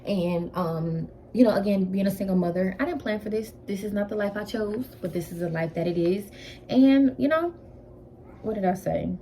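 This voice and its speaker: A woman's voice: mid-range voice, normal speed, mellow, a little hiss or hum. A woman, a first-time mother, talking candidly at home in a casual vlog and giving frank advice. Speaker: first-time mother sharing postpartum experiences.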